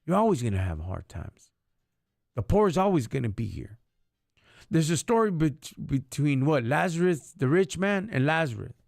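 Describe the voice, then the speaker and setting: A man streams live with a fiery faith message, preaching in street slang laced with Spanish and calling listeners homie and dog. His voice is a little high and very animated, with vocal fry and a slightly mellow quality. He speaks at a moderate pace, and the studio sound is clean, with no room sound.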